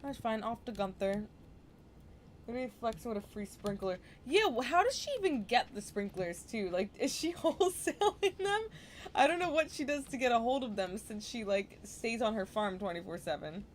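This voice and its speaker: A woman giving casual, relaxed commentary while playing a farming video game, chatty and self-deprecating, with small muttered asides. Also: on the high side, normal speed, a little hiss or hum. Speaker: gaming streamer.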